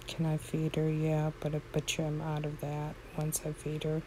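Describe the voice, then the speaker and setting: Playing a horse game at home, a woman comments casually and fondly, exclaiming often and talking sweetly to her horses. Her voice sits low and a little mellow, delivered in a monotone at a moderate pace. The low-quality recording has slight background noise.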